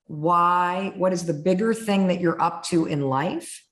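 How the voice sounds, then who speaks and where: Animated woman host in a roomy space. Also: fairly low pitch, a little slow. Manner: animated storyteller, acts out her inner voice. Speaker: podcast host. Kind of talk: candid conversation.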